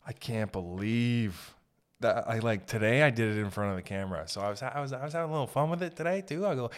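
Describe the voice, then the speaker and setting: Male podcast host, mid-pitched, rambling and self-deprecating. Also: animated, brisk. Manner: rambling, self-mocking, drops into silly put-on voices. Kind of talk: casual solo podcast rambling. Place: home podcast setup.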